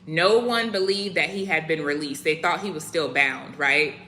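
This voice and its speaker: A woman's voice: low-pitched, normal speed, sharp tone, slight background noise. A woman delivering an earnest prophetic devotional message, often tagging her lines with "right?" and "okay?". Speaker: Christian content creator.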